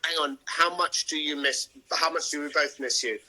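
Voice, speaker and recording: A man's voice: fairly high pitch, normal speed, crowd noise, poor audio. A man, an actor, chatting casually on a live video stream, rambling and often restarting his sentences. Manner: chatty, rambling, self-interrupting. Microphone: video call.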